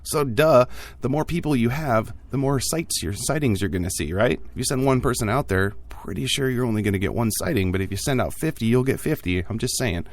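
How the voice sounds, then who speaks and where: A man's voice: mid-range voice, animated, fairly quick, few pauses. A man hosting a casual news podcast, reading stories with offhand jokey asides and lots of fillers. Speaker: podcast host.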